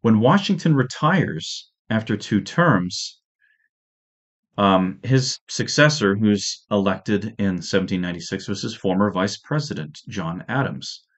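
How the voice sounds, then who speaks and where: Low-voiced man giving a casual history lecture. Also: animated, measured pace. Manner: conversational, with restarts and jokey asides. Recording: dull lo-fi audio.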